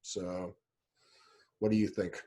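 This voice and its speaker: Brief: male player, low pitch, thoughtful questioner. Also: level tone, slow pace, mellow. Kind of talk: playing a tabletop game.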